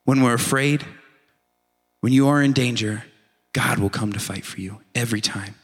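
A man preaching a casual, animated sermon, acting out short voiced asides as he tells the story. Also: mid-range voice, normal speed, big-room sound.

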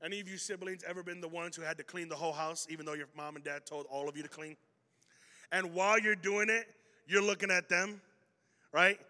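Guy pastor preaching, high bright voice, acts out people in his stories, big echoey church hall. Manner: animated storytelling, acting out quoted voices. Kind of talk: sermon. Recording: hall reverb.

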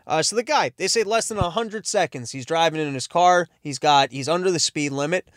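A man's voice: fairly high pitch, a little fast, a bit bright, no echo, clean studio sound. A man in a rambling, sarcastic comedic monologue who keeps going off on tangents and interrupting himself.

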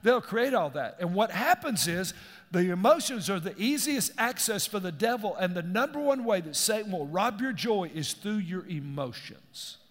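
A man's voice: high voice, expressive, normal speed. A middle-aged man, preaching a sermon and asking his congregation questions as he goes. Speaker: pastor. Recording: long hall reverb.

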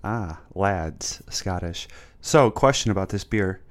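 Dry co-host guy, lowish voice, asks questions, chats about football stats. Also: lively intonation, slow. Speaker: podcast co-host. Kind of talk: casual chat.

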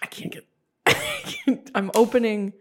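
A woman's voice: on the high side, huge pitch swings, a little slow, a little hiss or hum. A woman in her late thirties co-hosting a podcast, telling stories in a rambling, casual way and laughing often. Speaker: podcast co-host. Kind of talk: casual chat.

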